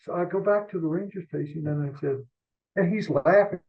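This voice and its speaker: An older man, a veteran sports columnist, telling rambling, animated stories as an interview guest. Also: high voice. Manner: animated rambling anecdotes, quick asides. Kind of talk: storytelling interview. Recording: tinny phone-like line.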